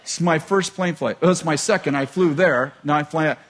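A male preacher tells a personal story to his congregation in an animated, self-mocking way, often laughing at himself. His voice sits somewhat high. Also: fairly quick, hardly any pauses. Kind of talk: storytelling sermon.

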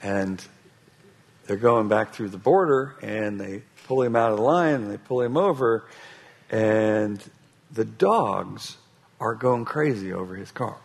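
Husky man preaching a sermon. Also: lowish voice. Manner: halting restarts, animated storytelling with laughter. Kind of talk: sermon with a told story.

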